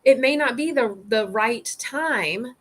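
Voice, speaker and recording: A woman leading a casual group discussion, animated, acting out inner voices and swearing freely. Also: a little high, slow. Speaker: group facilitator.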